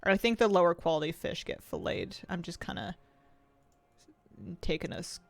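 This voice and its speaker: A woman's voice: on the low side, moderate pace, vocal fry, faint music behind. A woman from the United States streaming from home, chatting casually and thinking aloud while she eats and plays a game. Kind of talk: casual live-stream gaming chat.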